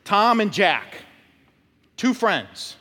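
A man's voice: high voice, sing-song, very slow, bright, forceful tone. A male pastor preaching a conversational sermon, telling stories and acting out short quotes. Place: church sanctuary. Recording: long church reverb.

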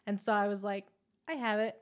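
A woman's voice: mid-range voice, fairly quick, clear, resonant tone. A woman co-hosting a casual chat about video games, telling stories with lots of giggles. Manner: giggly, animated storytelling. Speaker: podcast co-host.

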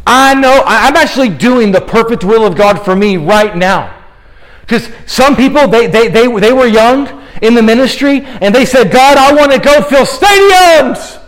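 A man preaching a fervent sermon in a church, slowing down dramatically on key lines and working up a sweat. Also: very high-pitched, poor audio. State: sweating, exerting himself. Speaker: guest preacher. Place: church sanctuary.

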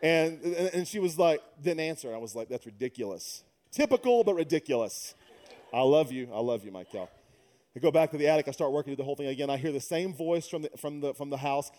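A man's voice: fairly high pitch, mellow. A middle-aged man preaching a sermon, mixing humorous conversational stories with emphatic preaching. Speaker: pastor.

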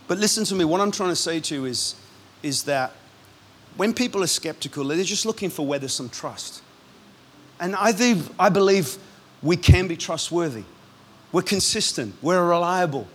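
A man, a pastor, preaching a sermon in a lively, punchy way with quick asides. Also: fairly high pitch, a little hiss or hum.

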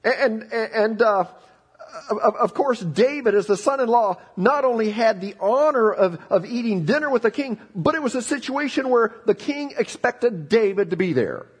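A middle-aged man preaching a sermon, telling the story in an animated way with frequent restarts. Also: high-pitched, normal speed, slightly rough. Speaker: pastor.

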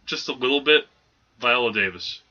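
A man's voice: medium pitch, lively intonation, normal speed, sharp tone. A man co-hosting a casual movie review podcast, rambling with lots of restarts and fillers. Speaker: podcast co-host. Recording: dull lo-fi recording.

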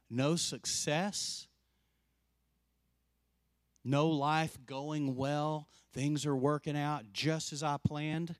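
A man preaching a sermon as pastor, telling a story with lively acted-out quotes and dropping soft and slow to drive points home. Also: fairly high pitch, no room sound, clean studio sound. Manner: animated storyteller, acts out quoted voices; drops soft and slow for emphasis.

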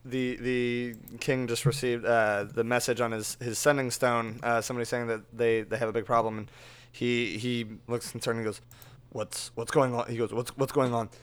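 A man speaks as host and game master of a tabletop podcast in a smooth, clear voice. He talks loosely, with plenty of ums and uhs. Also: mid-range voice, normal speed, few pauses. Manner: relaxed, filler-heavy. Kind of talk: casual podcast chat.

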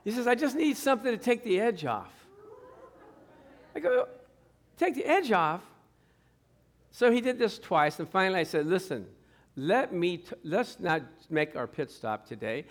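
A man's voice: sits high, expressive, moderate pace. A middle-aged man preaching a sermon as pastor, telling stories and acting out the people in them, often laughing. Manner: storytelling, acts out quoted people, laughs often.

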